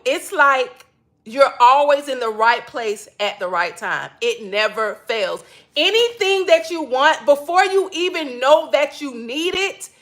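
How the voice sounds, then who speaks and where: This spiritual wellness creator speaks in a high, bright voice with a forceful tone. Chatting casually with viewers about her personal life, she laughs frequently and leans on "literally" again and again.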